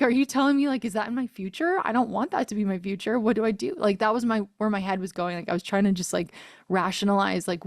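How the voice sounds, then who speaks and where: A woman in her thirties, mid-range in pitch, telling an emotional personal story as an interview guest. She talks earnestly, laughing often and reaching for words with many fillers. Her voice is recorded close and dry, with no room sound. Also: dry recording. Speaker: guest singer-songwriter.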